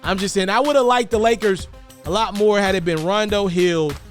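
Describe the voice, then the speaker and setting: A man giving casual, animated basketball commentary, often repeating words and jumping up in pitch for emphasis. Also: moderate pace, soft background music.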